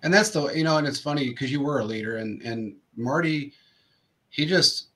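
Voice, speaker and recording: A man's voice: fairly high pitch, moderate pace, a bit bright. A male host telling rambling sports anecdotes in casual chat, full of fillers and restarts.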